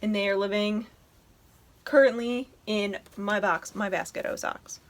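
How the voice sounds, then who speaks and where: A woman's voice: mid-range voice, fairly even intonation, unhurried, slight background noise. A woman hosting a knitting podcast, chatting casually and enthusiastically as she shows her projects at home. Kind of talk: casual show-and-tell chat.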